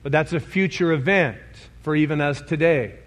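A man's voice: a little high, moderate pace. A male pastor preaching a sermon, emphatic and conversational, often asking his congregation questions.

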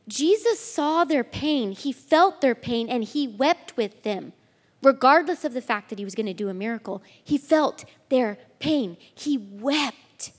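Woman speaker, fairly high voice, earnest sermon to a ladies' group, long hall reverb. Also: animated, a little mellow. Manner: earnest, emphatic, slows for scripture, drops to near-whispers. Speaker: women's ministry speaker.

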